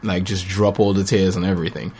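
A man in his thirties telling family stories in a casual chat, lively and acting out voices with laughter. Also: quick pace, slightly rough. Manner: animated storyteller, acts out voices with big pitch jumps and laughter.

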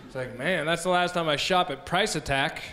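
High-voiced stand-up comic. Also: male voice, fairly quick. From United States. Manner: laid-back, rambling delivery with restarts. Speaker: stand-up comedian. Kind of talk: stand-up comedy set. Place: comedy festival gala stage. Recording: live stage mic with background noise.

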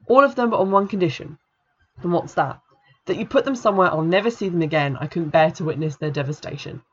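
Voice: medium pitch, fast, husky, muffled recording, close to an everyday voice. A book reviewer reading aloud as a meek, apologetic woman who pleads with her sister. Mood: pleading. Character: meek, apologetic adult woman, the narrator of the novel.

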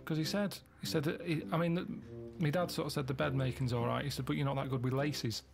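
A man telling rambling deadpan anecdotes in casual comedic chat. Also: fairly high pitch, fast talker, vocal fry, music in the background. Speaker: podcast regular.

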